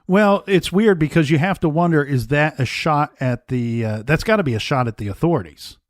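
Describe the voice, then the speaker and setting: A man co-hosting a true crime podcast, recounting the case in a measured, storytelling way. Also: a little high, no room sound, studio quality. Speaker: podcast co-host.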